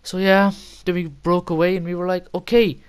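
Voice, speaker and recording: A man's voice: sits high, level tone, a little fast, clean tone. A young man telling a casual, rambling story with frequent laughter and casual swearing. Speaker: vlogger.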